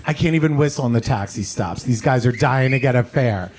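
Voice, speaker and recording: A man doing a stand-up set at a comedy club, delivering deadpan one-liners with quick self-corrections. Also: medium pitch. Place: comedy club stage with audience laughter.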